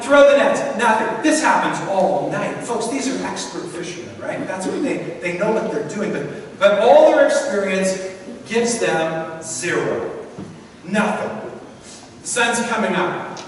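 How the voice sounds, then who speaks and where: A middle-aged man, a pastor, preaching a sermon and telling the story vividly, acting out the voices of its people. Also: sits high. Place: large church hall. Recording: echoey hall from far off, faint noise.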